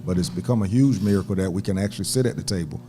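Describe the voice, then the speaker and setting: A man's voice: low-pitched, very fast, dark tone, soft background music. A man co-hosting a talk show, speaking reflectively. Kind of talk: casual chat.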